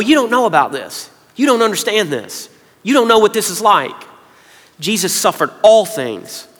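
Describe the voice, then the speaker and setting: A man, preaching a sermon to his congregation in an earnest way, going quiet when he gets emotional. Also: high-pitched. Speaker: pastor. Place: large church hall. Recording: reverberant church hall.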